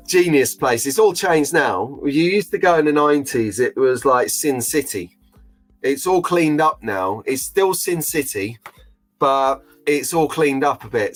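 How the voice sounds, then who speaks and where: A man's voice: medium pitch, fairly bright tone. A middle-aged man hosting a live stream in a chatty, jokey, openly emotional way. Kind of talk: casual live-stream chat.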